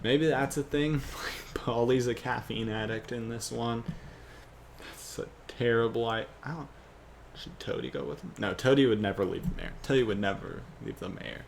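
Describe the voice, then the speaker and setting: A man's voice: mid-range voice, normal speed, creaky, slight background noise. Rambling man thinking aloud. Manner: rambling, self-joking, trailing off. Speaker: fan writing a script.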